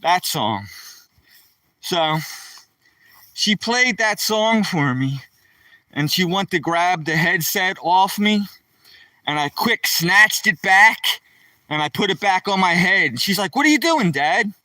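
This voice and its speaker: A man's voice: high voice, takes it slowly, pauses often, pushed and bright, dry recording, distant mic, low-quality recording. A man telling a rambling story to live-stream viewers while walking outdoors in the woods, talking to viewers by name.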